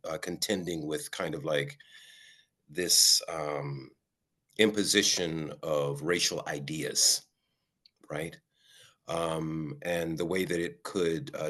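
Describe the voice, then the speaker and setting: A man speaking as a guest, talking reflectively and measuredly, often pausing on "um" and checking in with "right?". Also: low voice, a bit bright. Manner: measured, with frequent ums and rhetorical "right?". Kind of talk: reflective conversational talk.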